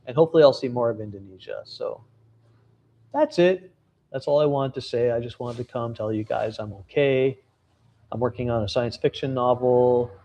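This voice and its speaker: A man's voice: medium pitch, normal speed, warm tone, muffled recording. A man, a travel vlogger and novelist, talking candidly and casually to his viewers, telling stories and swearing now and then. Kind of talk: casual vlog update and storytelling.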